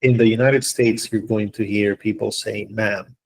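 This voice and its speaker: Low husky male English teacher. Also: fairly even intonation, normal speed, darkish tone, poor audio. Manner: patient, explaining step by step with frequent "right?" checks. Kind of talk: online classroom lesson. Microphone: computer mic on a video call.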